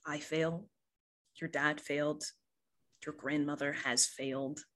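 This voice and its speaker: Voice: mid-range voice, little pitch movement, slow, a bit bright. A game master voicing a kindly woman who consoles a young friend, hesitant and reassuring. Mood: gentle, consoling.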